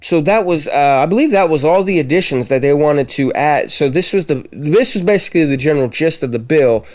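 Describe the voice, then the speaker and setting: A man who works as a teacher, co-hosting a podcast in relaxed, halting casual chat. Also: on the high side.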